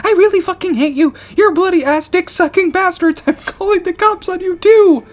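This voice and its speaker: A man voicing a tearful, foul-mouthed young male cartoon tiger who yells in a high, strained voice. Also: moderate pace. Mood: furious.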